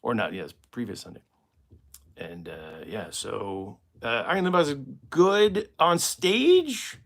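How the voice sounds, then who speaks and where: American comedian guy, rambly live stream q&a, lively swoopy voice, laughs at his own bits. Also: medium pitch, slow. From United States. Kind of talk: casual live-stream chat.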